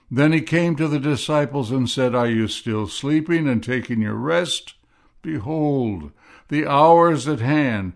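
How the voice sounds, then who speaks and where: A man preaching a sermon, reading scripture aloud in a deliberate way and pressing hard on key words. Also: medium pitch. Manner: slow, deliberate reading, rising to emphatic stresses. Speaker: pastor.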